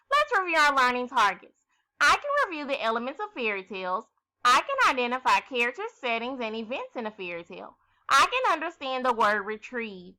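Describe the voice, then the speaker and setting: A woman teaching a first grade lesson, reading a story aloud and asking the children questions in a clear, expressive way. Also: on the high side.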